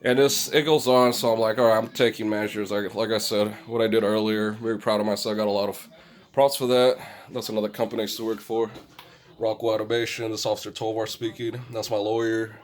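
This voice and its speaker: A man's voice: on the low side, little pitch movement, fast. Rambling man talking at home. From Phoenix, Arizona. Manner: rambling and digressive, swears freely. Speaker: vlogger touring his house. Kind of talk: rambling casual monologue to camera. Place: indoors at home. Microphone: own camera set up in the room.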